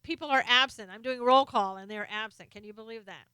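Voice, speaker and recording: A woman's voice: on the high side, brisk, bright, forceful tone, clear, resonant tone, no echo. A middle-aged woman hosting a casual live stream, chatting as she reads out viewers' names and comments, sometimes turned away from her desk mic. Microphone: desk microphone, sometimes off-axis.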